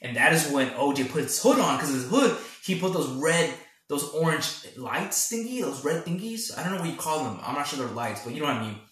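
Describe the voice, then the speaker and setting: A man's voice: on the high side, very animated, a little fast, fairly bright tone. A man hosting a casual podcast, retelling a film animatedly and laughing often, with many fillers. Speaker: podcast host reviewing a film. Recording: very echoey room.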